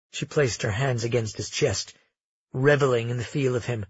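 A man narrating a romance audiobook in a measured, intimate storytelling manner. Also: mid-range voice, breathy edge, dry recording, muffled recording.

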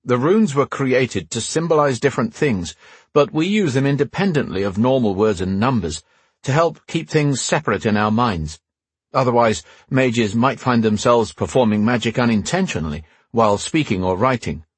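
A man reading an audiobook, voicing a defiant young male wizard with a breathy, raised voice. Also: mid-range voice, expressive, moderate pace, no echo. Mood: explaining. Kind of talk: audiobook character voice.

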